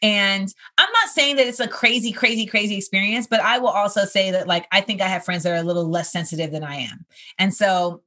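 A woman's voice: medium pitch, brisk, sharp tone. A woman in her thirties, a comedian hosting a podcast, chatting casually in a rambling, conversational way. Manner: rambling, conversational, filler-heavy. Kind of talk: casual chat.

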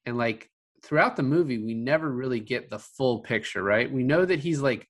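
A man's voice: medium pitch, lively intonation, moderate pace. A man co-hosting a podcast, chatting casually about a film in a rambling way full of filler words. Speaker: podcast co-host.

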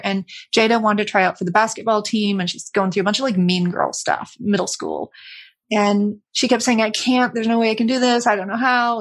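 A middle-aged woman speaks candidly as an interview guest, her voice soft and airy with a breathy edge. She tells a family story in a reflective, conversational way and brightens when she quotes her kids. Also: medium pitch.

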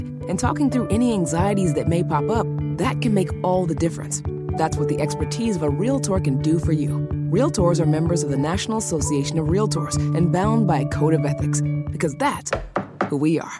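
A woman doing a gentle scripted voice-over for a real-estate ad. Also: fairly low pitch. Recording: loud guitar music behind.

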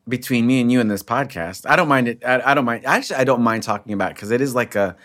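A man's voice: medium pitch, fast, fairly bright tone. A man appearing as a comedian guest on a podcast, talking casually, hesitating and trailing off as he searches for words. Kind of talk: casual conversational interview.

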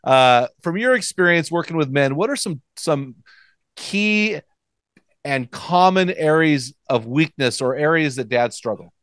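A man with a fairly high voice hosts a casual talk. He asks his questions loosely and backs his guest with quick agreement. The sound is dry and close. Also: expressive, a bit bright, no echo. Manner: affirming, quick agreeing interjections. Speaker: podcast host. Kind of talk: casual interview chat.

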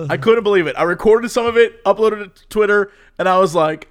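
Quick and high-pitched, a male podcast co-host spins animated stories during a relaxed conversation, breaking into laughter often.

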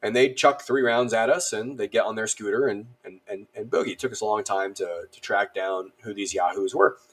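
A man appearing as a guest on a podcast tells a story in a casual, animated way, with self-deprecating humor and lots of fillers. His voice is fairly low, and he talks a little fast.

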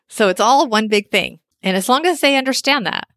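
A middle-aged woman in casual conversation, telling animated stories and acting out what others said. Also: medium pitch, brisk, no echo, clean studio sound. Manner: animated storytelling, acts out quoted voices. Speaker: podcast host and author. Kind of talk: casual chat.

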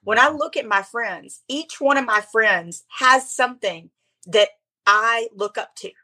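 A middle-aged woman chatting as a podcast guest, telling stories in an animated way with quick asides. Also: on the high side. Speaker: podcast guest, speaker coach. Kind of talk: casual interview chat.

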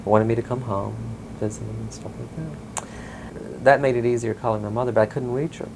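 A man from the US South, telling a personal story in a casual interview, rambling with many ums and soft chuckles. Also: mid-range voice, a little fast, vocal fry, noisy background. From Mississippi, US South. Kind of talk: casual oral-history storytelling.

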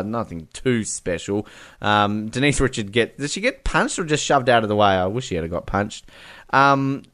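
A man's voice: mid-range voice, lively intonation, moderate pace, a bit bright, clean tone. A man talks through a film scene by scene in casual podcast chat. He laughs a lot and acts out the characters' lines.

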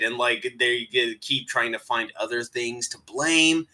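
A man with a very bright, forceful voice talks through a movie review in loose, casual chat. He is animated, laughs often and swears freely as he sums up the plot. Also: mid-range voice, measured pace, few pauses. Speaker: streamer co-host.

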